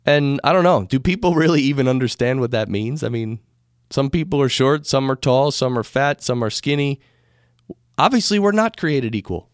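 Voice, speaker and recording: An American man hosting a podcast rambles conversationally about spirituality, often correcting himself. His voice is medium-pitched and a little fast, recorded dry on a studio microphone with clean studio sound.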